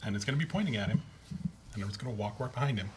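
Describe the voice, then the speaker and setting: A man in a tabletop game explains his character's actions one step at a time in a plain, even way. His voice is low, and the home recording carries a clear hiss. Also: rapid-fire. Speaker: player.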